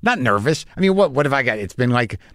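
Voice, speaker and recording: A man's voice: mid-range voice, animated, very fast, gravelly, fairly bright tone, clean tone, no echo, clean studio sound. Restless, wry fifty-something man rambling. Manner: self-questioning, wry, restless, circling back on himself. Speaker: podcast host and comedian. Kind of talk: rambling confessional monologue.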